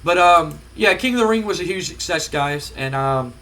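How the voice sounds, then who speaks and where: A man casually narrating his wrestling management game, chatty and relaxed with frequent ums. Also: a little high, normal speed. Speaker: gamer narrating a wrestling sim. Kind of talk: casual let's-play commentary.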